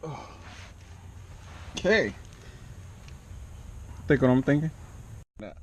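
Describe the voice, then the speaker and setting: A man's voice: medium pitch, very animated, slow pace, lo-fi sound, slight background noise. A man doing a casual home car repair vlog, exclaiming as he works and chatting to his cat, caught on a camera mic as he moves around. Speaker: DIY car vlogger. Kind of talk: casual talk while working.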